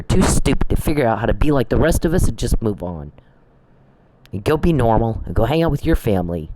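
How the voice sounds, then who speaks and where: A man's voice: medium pitch, mellow, a little hiss or hum, poor audio. A man ranting angrily in a mocking, profane, taunting manner, addressing someone directly. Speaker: online commentator. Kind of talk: angry rant to camera. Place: Oklahoma.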